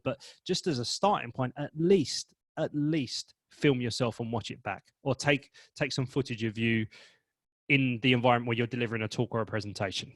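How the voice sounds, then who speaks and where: Expressive man coaching, dry sound. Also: medium pitch, no room sound. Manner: expressive, demonstrates emotions vividly. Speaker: presentation coach. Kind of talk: webinar training talk.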